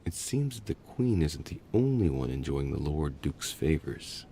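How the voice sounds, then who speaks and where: An actor playing a composed young male aristocrat in a video game, calm and measured. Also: a bass voice, vocal fry, slightly rough, heavily acted.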